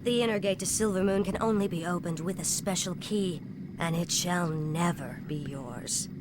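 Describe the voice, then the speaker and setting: A woman's voice: lowish voice, normal speed, noisy background, close to an everyday voice. A woman voicing a taunting proud elf ranger. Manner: taunting, scornful.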